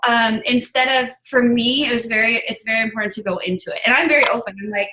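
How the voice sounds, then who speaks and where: Woman guest, animated and candid, crisp bright tone, echoey room with faint hiss. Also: fairly high pitch, fast talker. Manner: open, animated storytelling with laughs. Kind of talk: casual interview chat. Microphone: video call.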